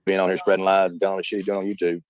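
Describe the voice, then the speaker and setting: A man calling in by phone to a livestream, rambling and halting with many restarts. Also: low voice, level tone, a little mellow, poor audio. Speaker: caller on a livestream. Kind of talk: casual phone-in chat.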